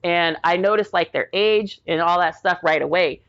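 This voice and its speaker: A woman's voice: lowish voice, normal speed, a bit bright, muffled recording. A woman in her forties, an Army veteran and interview guest, telling stories in a rambling, casual way full of "like" fillers. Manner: rambling, heavy use of "like", acts out quoted people.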